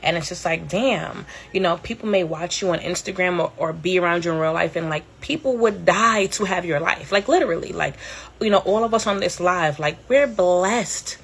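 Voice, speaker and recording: A woman in her thirties tells a story in a casual, rambling way, with fillers and the odd curse. Her voice is low and gravelly with a husky edge. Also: a little fast. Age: 30s. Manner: candid, rambling, fillers and swearing. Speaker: podcast host. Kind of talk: casual storytelling on a live stream.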